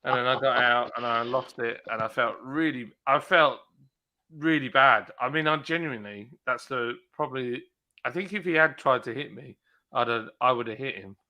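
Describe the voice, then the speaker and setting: A man telling stories on a relaxed live stream, his voice very bright and forward. He acts out moments with sudden shouts and laughs, talking loosely and animatedly. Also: mid-range voice, normal speed. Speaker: streamer host. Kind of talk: casual chat.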